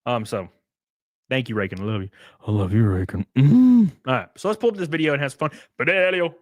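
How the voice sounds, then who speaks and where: A man's voice: medium pitch, animated, fairly quick, dry recording, studio quality. A young man casually chatting on a livestream, reading chat aloud with crude, rambling jokes.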